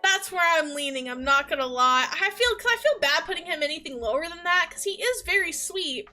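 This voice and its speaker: A woman livestreamer in casual chat, recapping a game in a rambling, animated way with lots of filler words. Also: very high-pitched, brisk, faint music behind.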